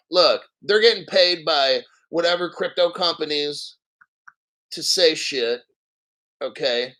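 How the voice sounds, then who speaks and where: Profane ranting crypto host, bright voice. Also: male voice, a little high, poor audio. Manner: blunt, profane and ranting, reading viewer comments aloud; mocks others in exaggerated put-on voices. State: a little out of breath. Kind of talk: casual livestream rant.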